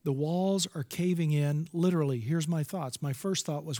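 A man's voice: on the high side, normal speed, hardly any pauses, darkish tone. A middle-aged man preaching a sermon, earnest and storytelling, acting out bits of dialogue.

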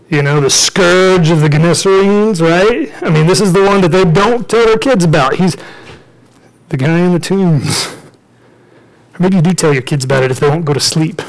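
A man preaching a storytelling sermon, with a high-pitched voice. He talks in a lively, joking way and keeps acting out the people in the story. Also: moderate pace, low-quality recording. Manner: lively, joking, acts out the characters.

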